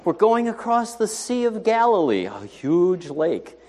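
A male pastor preaches a conversational sermon, firing rhetorical questions at his congregation. His pitch is somewhat high and swings widely. His voice carries a long reverb from a large church hall. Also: sing-song, measured pace, a little mellow.

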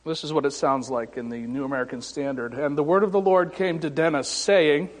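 A man preaching a sermon as pastor, pausing dramatically and voicing scripture and God's words with rising emphasis. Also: fairly high pitch, fairly even intonation. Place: church sanctuary. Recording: long hall reverb.

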